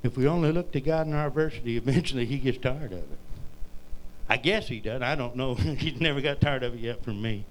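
A man preaching a sermon, telling folksy stories and building to loud cries. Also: medium pitch, a little fast, slight background noise, poor audio.

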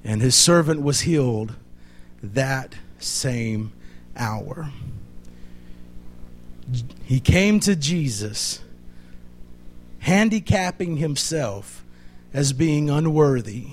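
A man's voice: medium pitch, lively intonation, extremely slow, pauses often, a little hiss or hum. A man preaching a sermon, emphatic and full of repeated rhetorical questions.

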